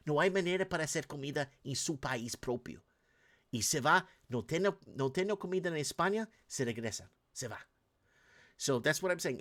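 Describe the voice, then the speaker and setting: A man's voice: fairly high pitch, fairly bright tone. A man hosting a show, giving casual, ranting commentary over video clips and talking straight to viewers. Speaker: host.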